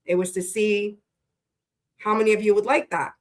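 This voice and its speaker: A woman's voice: medium pitch, flat delivery, moderate pace. A woman hosting a tarot livestream, greeting her chat viewers one by one in a chatty, playful way that swears freely, and she sounds tired.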